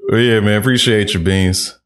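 A man's voice: on the low side, steady tone, moderate pace, a crowd in the background. A man co-hosting a casual podcast over a video call, joking and swearing with friends. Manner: loud laughing banter, swearing. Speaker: podcast co-host. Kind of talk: casual group chat.

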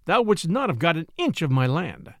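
A man's voice: fairly high pitch, very animated, moderate pace, vocal fry, no echo, clean studio sound. A man voicing a proud, wronged knight who pleads and then speaks sternly, in an old-fashioned storybook reading.

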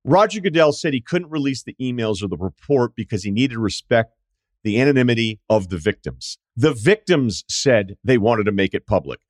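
A man's voice: mid-range voice, lively intonation, normal speed, darkish tone, no echo, clean studio sound. A middle-aged man hosting a sports podcast, delivering an opinionated, sarcastic monologue with mocking asides. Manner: sarcastic, mocking impressions of others. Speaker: podcast host.

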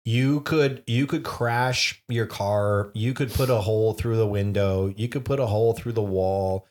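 A man's voice: fairly low pitch, steady tone, measured pace, a little mellow. A man in his forties co-hosting a podcast in casual chat. He tells stories at an easy pace and swears freely. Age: 40s. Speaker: podcast co-host.

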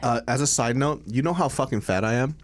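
A man's voice: medium pitch, brisk. A man co-hosting a casual podcast over food, joking and self-mocking as he talks. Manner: joking, self-mocking, bursts into loud laughter. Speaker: podcast co-host.

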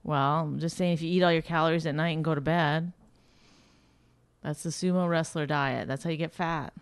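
A woman from Canada co-hosting a casual podcast, lively and teasing, slipping into voices as she tells stories. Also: low voice, normal speed, smooth, no echo. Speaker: podcast co-host. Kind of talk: casual chat.

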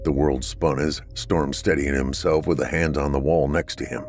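A man narrating a dark story in a steady, measured reading. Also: very deep voice, creaky, soft background music.

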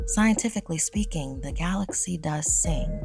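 A woman's voice: low voice, animated, moderate pace, vocal fry, music in the background. A woman narrating a horror story in a tense, dramatic storytelling manner.

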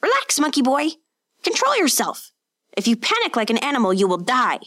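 Woman doing a harsh male master for a storybook, shouts orders, high and strained, dry sound. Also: wildly swooping pitch, moderate pace, dry recording, exaggerated voice. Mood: urgent. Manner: barking, commanding. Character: stern man, a harsh swimming master.

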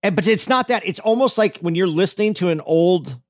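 A comedian co-hosting a podcast, talking in a slightly high voice that rambles and doubles back on its words. The sound is dry and close, with no room around it. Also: male voice, expressive, fairly quick, no room sound. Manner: rambling, repeats words as he goes. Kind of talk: casual chat.

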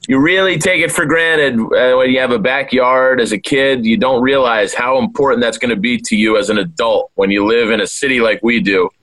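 A man's voice: mid-range voice, fairly even intonation, brisk, hardly any pauses, fairly bright tone, poor audio. A young man co-hosting a podcast in easygoing casual chat. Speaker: podcast co-host.

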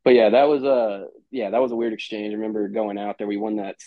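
A former college baseball player, appearing as a podcast guest, tells stories casually, acting out quoted exchanges in an animated, rambling way. His pitch is fairly low and he talks fast. The recording is dull, lo-fi and dry, with no room sound.

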